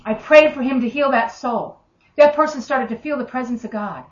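A woman with an Australian accent preaching a sermon, telling stories in a chatty, animated way. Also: high voice, moderate pace. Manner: conversational, animated storytelling with acted quotes. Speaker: minister. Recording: echoey room, dull lo-fi sound.

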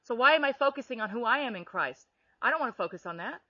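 A woman telling a personal faith story in animated, conversational storytelling, laughing now and then. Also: a little high, fast talker, dry recording, highs cut off. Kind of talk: faith testimony chat.

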